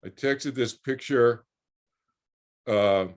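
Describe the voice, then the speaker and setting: A man's voice: mid-range voice, very slow. Man in his 60s telling a story over a video call. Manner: repeats words while finding his thread, voices other people in quotes. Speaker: interview guest, author. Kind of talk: animated personal storytelling.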